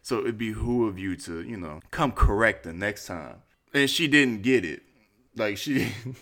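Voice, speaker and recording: A man hosting a podcast, telling a story in a casual, profane, animated way and acting out quotes in high voices. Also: a little slow. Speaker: podcast host.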